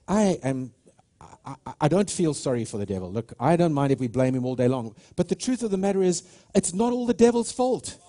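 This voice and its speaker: A man's voice: mid-range voice, very animated, brisk, dark tone. A man preaching a sermon with passion, stressing his points and often restarting his sentences. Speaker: pastor.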